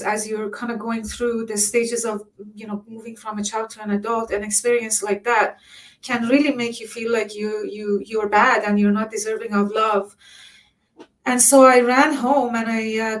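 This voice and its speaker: Earnest woman telling her story, slightly distant. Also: fairly high pitch. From Iran. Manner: earnest and emotional, halting with restarts. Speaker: lawyer and summit speaker. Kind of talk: personal story talk. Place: conference stage.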